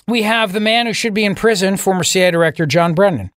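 A man hosting a talk radio show, delivering a sarcastic, mocking, animated monologue to his listeners. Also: sits high, fast talker, no room sound, clean studio sound. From Italian heritage, US.

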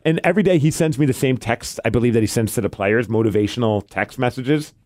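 A man's voice: medium pitch, fast, no echo. A man co-hosting a podcast, telling a story in a casual chat and acting out what people said. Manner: animated storytelling, acts out quotes. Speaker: podcast co-host, drummer.

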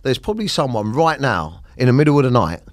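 A man's voice: mid-range voice, big pitch swings, fast talker, dry recording. A British man hosting a casual chat, asking questions and swearing easily. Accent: British English. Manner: chatty, swears, prompts with questions. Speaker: podcast host.

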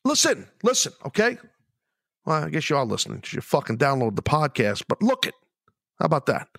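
A man's voice: fairly high pitch, huge pitch swings, brisk, gravelly, a bit bright, no echo, clean studio sound. A middle-aged man hosting his own podcast, ranting angrily and rambling with plenty of swearing. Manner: angry, profane, rambling. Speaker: podcast host.

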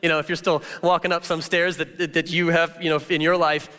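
Male pastor, high bright voice, chatty animated sermon delivery, roomy hall sound. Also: fairly quick, clear, resonant tone. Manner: animated, chatty, full of filler words. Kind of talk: casual conversational sermon.

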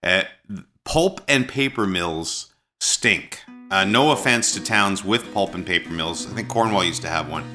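A man's voice: low voice, lively intonation, unhurried, pushed and bright, faint music behind. A Canadian man hosting a podcast, telling rambling stories with many restarts over a remote call. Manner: rambling storyteller, frequent restarts. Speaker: podcast host. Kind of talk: casual chat.

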